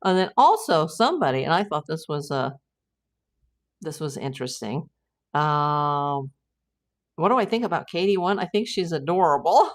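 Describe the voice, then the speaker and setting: Deep-voiced and sing-song at a moderate pace, a middle-aged woman from the US hosts a private investigator livestream. Her casual talk wanders through audience comments, with frequent fillers and restarts.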